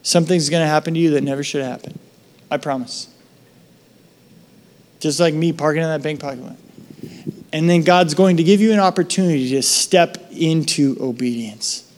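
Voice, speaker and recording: A man pastor preaching a sermon, telling stories with lively acted-out voices and dropping soft for reflective moments and prayer. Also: on the high side, moderate pace. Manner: animated storytelling, acting out voices in his anecdotes.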